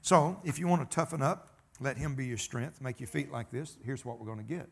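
A man's voice: medium pitch, fairly quick, vocal fry, breathy edge. A man preaching a sermon, folksy and emphatic, telling stories and calling for amens. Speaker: pastor.

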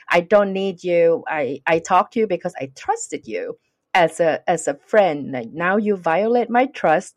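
A woman with a non-native English accent telling a personal story earnestly in conversation, acting out the dialogue. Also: mid-range voice. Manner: earnest, acts out quoted dialogue. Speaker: guest.

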